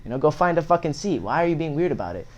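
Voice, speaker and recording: A man's voice: on the high side, sing-song, very fast. A young man, a podcast guest, telling a story in a casual, profane way with many fillers.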